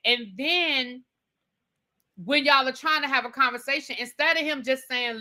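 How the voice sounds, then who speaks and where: Bright-voiced, opinionated woman co-host. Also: high voice, normal speed. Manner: opinionated, emphatic, addresses people directly. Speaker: podcast co-host. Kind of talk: casual recap chat.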